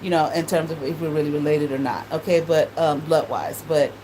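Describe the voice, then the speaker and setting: A woman's voice: sits low, fairly even intonation, a little fast, background noise. Laughing, profane storyteller woman. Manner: profane, laughs often, quotes others in voices. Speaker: tarot reader and channel host. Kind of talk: casual storytelling monologue.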